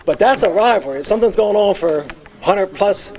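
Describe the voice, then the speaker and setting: A man's voice: sits high, lively intonation, fairly quick, gravelly, darkish tone. A middle-aged man gives an earnest acceptance speech as a former teacher and coach, reminiscing with many fillers. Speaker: hall of fame inductee, former teacher and football coach.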